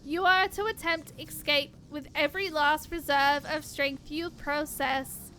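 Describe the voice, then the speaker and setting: A cold combat machine speaks in a flat, robotic monotone, as a woman puts it on while reading game dialogue. The tone stays bright and the delivery slow and measured, every word clinical and detached. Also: high voice, soft background music. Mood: menacing. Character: cold calculating combat machine, analytical, emotionless.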